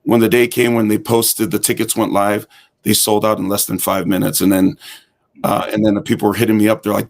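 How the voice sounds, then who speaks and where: A man with a fairly low, creaky-fried voice talks briskly as a guest on an interview show. He's a hip hop fitness instructor telling his story casually, animatedly acting out the dialogue he quotes.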